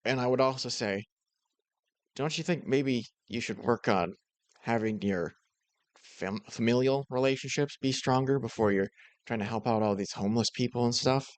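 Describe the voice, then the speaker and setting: A man reacting to a clip in casual commentary, relaxed and a bit hesitant with chuckling asides. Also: medium pitch, normal speed, no echo.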